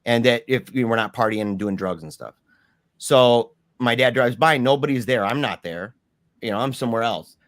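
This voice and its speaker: A man's voice: medium pitch, moderate pace, fairly bright tone, dry recording, studio quality. A man speaking as an interview guest, telling a personal story in a casual, slangy, emphatic way. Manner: informal, slangy, says "bro" and "man"; earnest, emphatic retelling of a personal ordeal.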